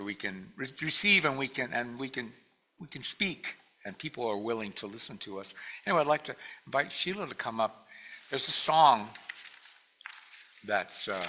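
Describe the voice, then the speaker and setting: A guest speaker with a medium-pitched, sharp-toned male voice gives a casual, rambling talk to a spiritual community. He laughs often and his speech is full of fillers and restarts.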